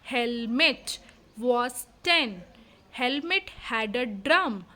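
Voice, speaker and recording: A woman's voice: on the high side, expressive, drawn-out words, pushed and bright. A woman teaching reading, sounding out words letter by letter and reading simple storybooks aloud in a phonics lesson.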